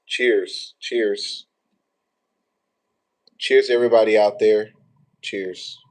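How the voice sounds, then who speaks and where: A man's voice: on the low side, steady tone, extremely slow. A man, hosting a tarot livestream in rambling, profane, joking casual chat.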